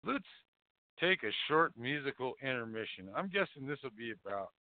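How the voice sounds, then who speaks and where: A man's voice: mid-range voice, sing-song, normal speed, dry recording. A man hosting a call-in show, rambling casually with profane, mocking jokes. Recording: phone-like dry lo-fi audio.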